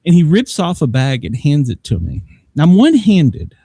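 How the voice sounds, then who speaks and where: A man's voice: a little high, wildly swooping pitch, moderate pace, creaky, mellow, slightly rough, no echo. A man hosting a live show, telling a long rambling story with plenty of laughs and swearing, acting out both sides of each conversation. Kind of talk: casual storytelling.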